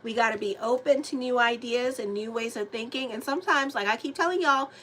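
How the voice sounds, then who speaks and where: A woman tarot reader talks casually through a reading for her channel. Her voice is bright and sits a little high. She chats freely and turns often to address her viewers. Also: brisk, slight background noise. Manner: chatty, animated asides to viewers.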